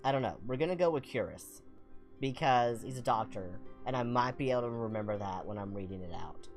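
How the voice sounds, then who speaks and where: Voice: mid-range voice, a little fast, faint music behind. Rambling Southern American streamer. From Southern United States. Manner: rambling, self-deprecating, animated storytelling. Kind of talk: casual let's-play chat, reading game text aloud.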